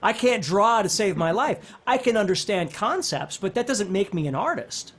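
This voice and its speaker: A middle-aged man teaching guitar in a relaxed, conversational way, thinking aloud and circling back as he explains. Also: high-pitched, moderate pace. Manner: animated, talks with his hands, thinks aloud with restarts. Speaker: guitar instructor.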